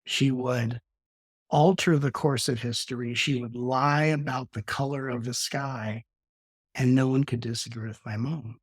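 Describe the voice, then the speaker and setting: A middle-aged man, a spiritual teacher, talking reflectively in an interview and slowing his speech to show calm breathing. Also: breathy edge, no echo, studio quality. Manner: slows down and softens to demonstrate calm breathing; acts out quoted arguments with sudden rises in pitch.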